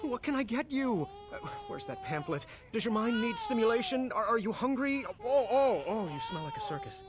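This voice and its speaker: A man's voice: very high voice, huge pitch swings, moderate pace, few pauses, full character voice. A man voicing a flustered, clumsy young father king who fumbles and mocks himself, in video game voice acting. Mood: frazzled. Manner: fumbling, self-mocking, exclaiming. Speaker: game character.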